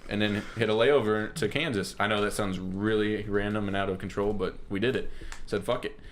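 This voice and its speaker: A man's voice: lowish voice, steady tone, brisk, a little hiss or hum. A man co-hosting a podcast, telling a rambling story casually with many fillers and acted-out quotes. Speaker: podcast co-host.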